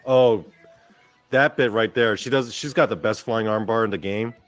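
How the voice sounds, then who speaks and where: A male host giving rambling, profane, excitable commentary over wrestling footage. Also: lowish voice, moderate pace, soft background music.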